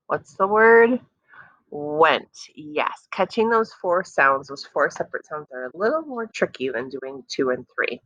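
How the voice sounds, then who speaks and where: Woman, teacher, low voice, bright tone, slow drawn-out phonics sounds, encouraging, dull dry recording. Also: lively intonation, dry recording. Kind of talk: online phonics lesson for young children.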